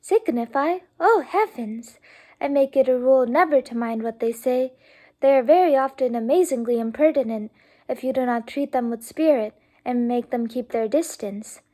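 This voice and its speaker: Gushing young lady voiced by a woman, breathless exclamations, high voice, mellow tone. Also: moderate pace.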